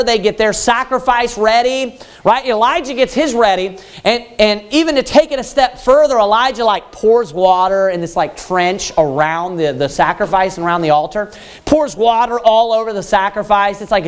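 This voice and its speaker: A man's voice: high-pitched, clear, resonant tone. A man preaching a sermon in a casual, conversational way, with many fillers and acted-out scenes.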